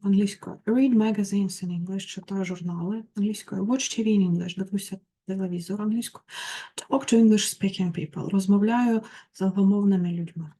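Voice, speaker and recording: Woman tutor, mellow, reads English then translates. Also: mid-range voice, steady tone, a little fast. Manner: reads English phrases then translates them, with small slips. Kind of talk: textbook walkthrough, reading and translating.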